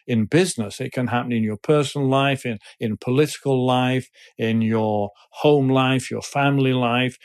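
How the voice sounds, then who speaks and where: An older man answering interview questions thoughtfully, with frequent pauses and fillers. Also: medium pitch. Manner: thoughtful, hesitant, many fillers. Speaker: guest, business person.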